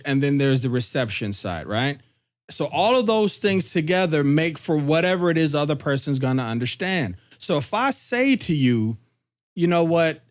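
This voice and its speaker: A young adult man hosting a podcast, talking about relationships in an earnest, reflective way and rising sharply in pitch when he stresses a point. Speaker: podcast host. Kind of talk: casual chat.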